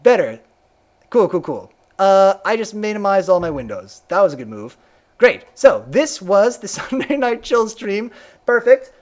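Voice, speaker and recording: A man's voice: high voice, big pitch swings, measured pace. A man streaming a video game live, chatting casually, reading game text aloud and humming to himself, his voice a little worn.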